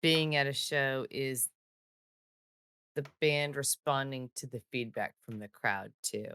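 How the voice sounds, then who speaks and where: A woman co-hosting a podcast in casual, upbeat chat with quick asides. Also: very deep voice, fairly bright tone, slight background noise. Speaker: podcast co-host.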